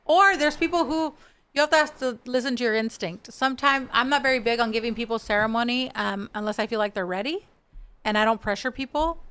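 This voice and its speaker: A woman's voice: fairly high pitch, a little fast, bright, forceful tone, clean tone. A woman guest on a podcast, talking frankly and animatedly about spiritual practice, laughing easily. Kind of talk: casual podcast chat.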